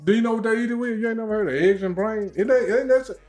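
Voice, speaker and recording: Laughing storyteller man, high voice. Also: rapid-fire, a little mellow. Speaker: podcast co-host. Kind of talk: casual storytelling chat.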